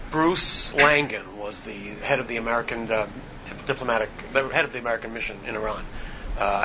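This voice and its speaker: A man, an author on a panel, telling a history story in a lecture style, halting often with ums and restarts. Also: lowish voice, highs cut off, noisy background.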